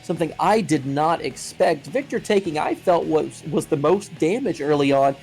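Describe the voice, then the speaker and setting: Measured, hedging male color commentator. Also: on the high side, darkish tone, faint music behind, poor audio. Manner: measured, hedging, many fillers like "you know" and "I mean". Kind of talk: live wrestling commentary.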